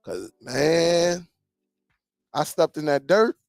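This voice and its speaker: Chatty gravelly-voiced man hosting a live stream. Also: fairly high pitch, sing-song, slow, no echo, soft background music. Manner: laid-back, storytelling, chatty with frequent "man". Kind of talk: casual live chat with viewers.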